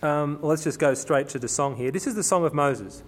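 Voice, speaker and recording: Man preaching on scripture, fairly high voice. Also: a little hiss or hum. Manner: conversational, with frequent restarts and repetitions; reads scripture aloud slowly and emphatically. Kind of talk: sermon, Bible exposition.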